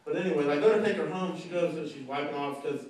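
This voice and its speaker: A young man doing a stand-up set, rambling and halting, with many fillers and restarts. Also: fairly high pitch, far from the mic. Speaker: stand-up comedian. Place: comedy club stage. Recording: echoey club, mic heard from afar, loud crowd laughter. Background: audience laughing.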